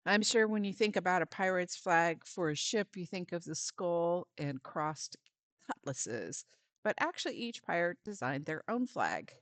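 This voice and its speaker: A woman's voice: lowish voice, sing-song, unhurried, no room sound. A woman volunteer giving a friendly step-by-step craft lesson for parents and children, with some fillers.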